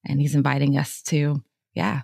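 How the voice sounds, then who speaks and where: A woman co-hosting a faith podcast talks in a low voice, lively and quick to laugh, peppering her speech with "like." The sound is dry and close, with no room around her. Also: creaky, dry recording. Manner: animated, laughing, lots of "like". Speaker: podcast co-host. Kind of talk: casual faith chat.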